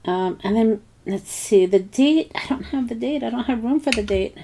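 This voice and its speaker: A woman's voice: a little high, moderate pace, dark tone, slight background noise. A woman hosting a crafting tutorial, thinking aloud in a casual, hesitant way with many ums and bits of self-talk. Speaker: craft channel host.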